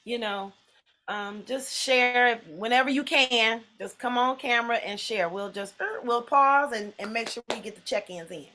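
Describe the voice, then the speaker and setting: A woman leads a relaxed morning video call. Her voice sits a little high and sounds bright and forward. She chats and teases as people check in. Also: normal speed. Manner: chatty, playful, teasing. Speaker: host. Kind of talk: casual video call chat.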